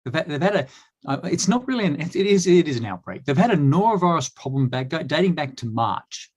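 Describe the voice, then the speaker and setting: A man's voice: a little high, very animated, fairly quick, darkish tone, breathy edge. A man with an Australian accent, talking as a guest in a casual online interview, with many fillers and restarts.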